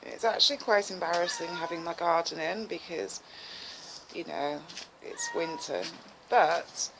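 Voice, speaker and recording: A woman's voice: on the low side, normal speed, background noise. A woman filming herself in her garden in winter, chatting casually to the camera and coaxing her cat in a cooing, sing-song voice. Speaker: vlogger. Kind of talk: casual vlog chat to camera. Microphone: handheld camera filming herself.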